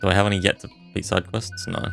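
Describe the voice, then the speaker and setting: A man's voice: low voice, level tone, fast, gravelly, fairly bright tone, soft background music. A man streaming a game live, chatting casually and thinking aloud as he plays. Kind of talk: casual live gameplay commentary.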